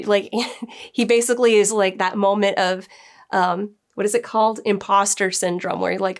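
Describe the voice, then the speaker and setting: A woman's voice: mid-range voice, steady tone, moderate pace. Chatty woman doing a casual review. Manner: chatty, acts out characters' lines, frequent "like". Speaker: book editor reviewing a TV adaptation.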